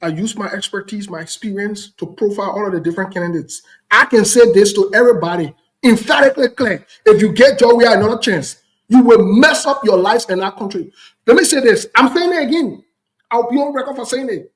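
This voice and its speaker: A man's voice: sits high, expressive, fairly quick, poor audio. A man with a Liberian English accent hosting a talk show, giving heated political commentary in an emphatic, repetitive, lecturing way.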